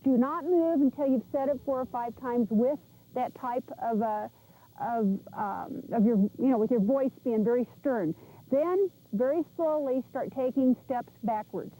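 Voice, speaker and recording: Woman trainer, high mellow voice, direct and encouraging, outdoors on a VHS tape. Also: measured pace, poor audio. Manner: chatty, direct, encouraging instructions. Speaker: animal trainer. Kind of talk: instructional coaching of pet owners.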